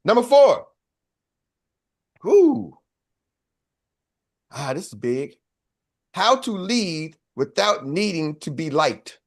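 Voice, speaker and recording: High-voiced man preaching sales motivation. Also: animated, measured pace. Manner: preachy, call-and-response, acts out little voices. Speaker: sales coach. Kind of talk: motivational training talk.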